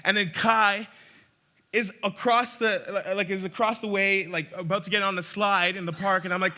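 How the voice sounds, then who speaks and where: Bright-voiced young man telling a story. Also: high-pitched, brisk. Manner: animated storyteller, frequent restarts and laughter. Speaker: church speaker. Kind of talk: storytelling church talk.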